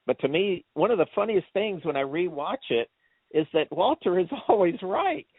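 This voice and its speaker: A man co-hosting a movie review chat, laughing often as he retells scenes with excitement. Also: high voice, normal speed, breathy edge, no echo. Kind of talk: casual chat. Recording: tinny phone-like dry sound.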